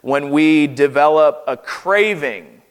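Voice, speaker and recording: Southern us preacher guy, earnest and emphatic, slowing down to stress points, kinda high voice, echoing church. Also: clean tone. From North Carolina. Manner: earnest, emphatic, deliberate pacing. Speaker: guest preacher. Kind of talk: sermon. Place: church sanctuary. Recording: long hall reverb.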